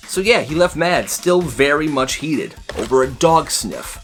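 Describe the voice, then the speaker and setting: A man telling funny stories in a casual, animated way, slipping into quick voices for the people in them. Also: on the high side, soft background music. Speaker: storyteller. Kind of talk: casual comedic storytelling.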